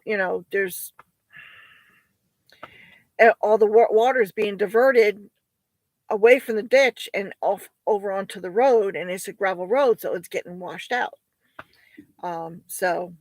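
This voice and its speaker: A woman's voice: mid-range voice, no echo, low-quality recording. A tired woman homesteader talking casually about her goats, rambling and hesitant, with many fillers and restarts. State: tired, sighing. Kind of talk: casual vlog chat.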